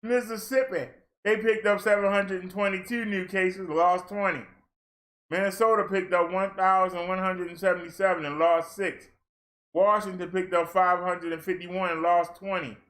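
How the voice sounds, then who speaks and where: A man from Maryland hosts a casual livestream, running through a long list of numbers. His voice sits high for a man, and he keeps breaking the routine with playful asides and exclamations. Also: flat delivery, moderate pace, fairly bright tone. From Maryland, USA. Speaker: fitness streamer. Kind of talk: casual livestream rundown of daily figures.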